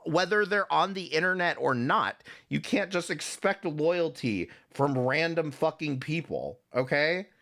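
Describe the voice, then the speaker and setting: A man's voice: fairly high pitch, creaky, a bit bright. A man hosting a stream, ranting profanely and sarcastically while reacting to clips. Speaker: streamer host. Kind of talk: reaction commentary.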